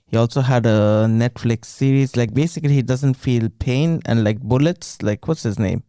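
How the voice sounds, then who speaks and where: A woman co-hosting a podcast in casual chat, agreeable and quick with short replies. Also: rumbling low, warm tone, dry recording, clean studio sound. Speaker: podcast co-host.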